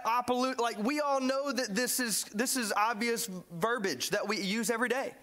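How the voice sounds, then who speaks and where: A man preaching a sermon in a church, animated and joking as he acts out the story. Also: extremely high pitch. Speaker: pastor.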